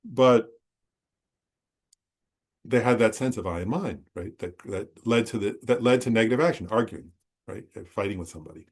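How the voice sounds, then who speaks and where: Pausing often at a normal speed, a Buddhist teacher with a lowish, slightly rough voice recounts a personal story during a dharma talk. The telling is loose and rambling, with frequent checks that listeners understand.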